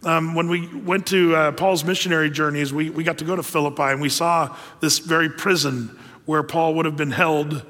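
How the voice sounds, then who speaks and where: A man with a fairly high voice preaches a sermon in a loose, conversational way, often pausing on fillers and restarting his sentences. His voice carries a long reverb, as if he is speaking in a big hall. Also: steady tone, fairly bright tone. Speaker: pastor.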